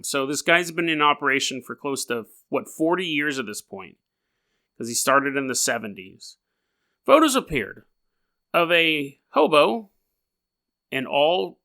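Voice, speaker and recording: A young man hosts his podcast in a loose, rambling storytelling style, breaking off for jokey asides. His voice sits a little high and rings bright and forward. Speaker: podcast host.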